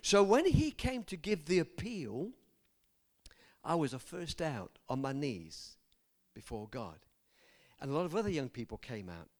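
A somewhat high-voiced man preaching his own testimony from the pulpit. His pitch rises and falls a great deal as he talks earnestly and directly to the congregation. He often stops to question them and trips over his words when he is moved. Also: sing-song, a little slow. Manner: earnest, speaks straight to the congregation with asides and questions. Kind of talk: personal testimony in a sermon.

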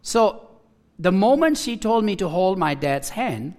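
Man, sermon testimony, slow delivery, emotional, halting, repeats phrases. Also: high-pitched, sing-song, a little mellow. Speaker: preacher sharing testimony.

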